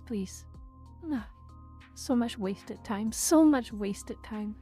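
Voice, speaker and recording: Brief: woman streamer, fairly high voice, mellow tone, exasperated and repetitive ranting. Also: slow pace, breathy edge, soft background music. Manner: exasperated, repeats herself, rants aloud. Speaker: livestream host. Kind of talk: casual livestream chat.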